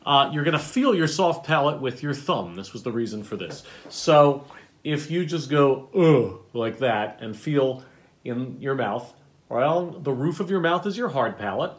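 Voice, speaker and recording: A man teaching a vocal warm-up, coaching between sung syllables. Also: mid-range voice, animated, measured pace. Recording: loud piano behind the voice. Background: piano accompaniment.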